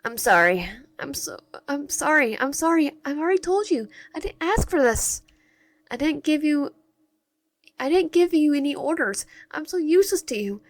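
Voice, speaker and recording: A woman's voice: lowish voice, normal speed, few pauses, pushed and bright, no echo. A woman voicing a terrified young woman in a game, pleading and falling apart with self-loathing. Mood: sobbing, desperate.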